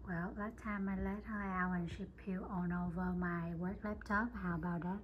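A woman's voice: on the low side, fairly even intonation, normal speed, muffled recording, slight background noise. A woman at home, chatting and teasing about her pet cat. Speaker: cat owner. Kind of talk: casual home video chat.

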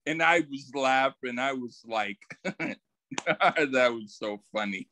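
Slow-talking laid-back man. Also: mid-range voice, animated, bright, forceful tone, no room sound, low-quality recording. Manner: unhurried storytelling, laughing at his own anecdotes. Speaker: podcast co-host. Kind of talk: casual chat.

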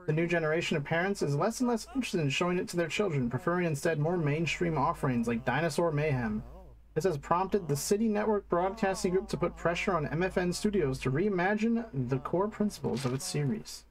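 A man's voice: a little high, rough recording. A man giving formal, scripted news-style narration for a game intro. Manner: formal, newsreader-like.

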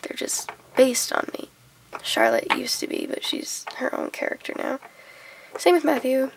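A young woman vlogger, sick and hoarse, chatting in a rambling, scattered way and giggling as she loses her train of thought. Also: high-pitched, wildly swooping pitch, unhurried, a little hiss or hum, rough recording. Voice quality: gravelly. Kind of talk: casual chat.

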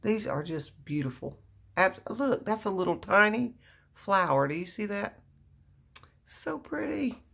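Her mid-range voice is gravelly yet fairly bright, with lively intonation and a moderate pace, as she opens a gift on her crafting vlog. The woman keeps the happy-mail unboxing casual, gushing with effusive exclamations.

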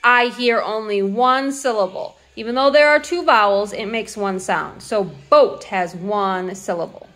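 A woman teacher showing hands-on classroom activities, sounding words out slowly and clearly. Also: medium pitch, fairly bright tone. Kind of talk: instructional demo.

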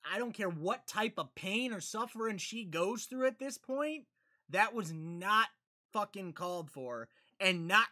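A man hosting a reaction video, cursing and yelling angry outbursts at the screen between muttered commentary. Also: high voice.

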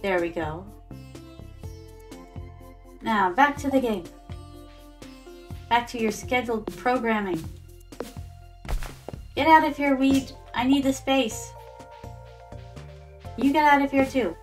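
A woman's voice: on the high side, expressive, takes it slowly, pauses often, faint music behind. A woman streaming a farming game, chatting casually with her viewers, calling them her darlings and dropping in Japanese words. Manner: chatty, talks to chat as "my darlings". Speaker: VTuber streamer. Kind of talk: casual gameplay commentary.

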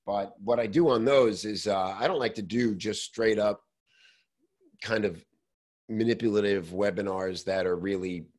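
A man's voice: fairly low pitch, moderate pace, a little mellow. A man hosting a casual livestream, greeting viewers by name in an upbeat way, saying he is losing his voice. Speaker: host. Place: indoors with natural light.

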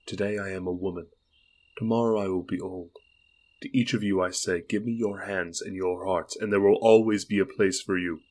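A man reading the part of a resolute, commanding young queen in an audiobook, speaking in measured, solemn declarations. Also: fairly even intonation, darkish tone. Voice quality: low and husky.

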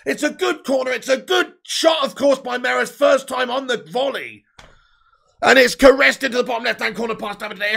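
A man's voice: extremely high pitch, brisk, vocal fry, fairly bright tone. A man reacting live to a football match, exasperated and swearing often.

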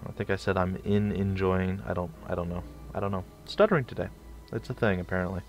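A man's voice: sits low, fast talker, muffled recording, soft background music. A young man casually commentating his strategy game, rambling and stumbling over his words. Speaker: let's play host.

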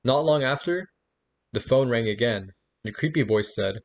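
A man telling a spooky campfire story in steady storybook narration. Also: mid-range voice, normal speed. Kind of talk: reading a campfire story aloud.

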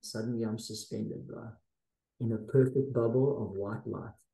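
A man's voice: on the low side, fairly even intonation, moderate pace, vocal fry, dark tone, reverberant, rough recording. A man in his forties, a podcast guest, telling a dramatic personal story in a casual, intense way with slang. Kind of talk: storytelling in a conversational interview.

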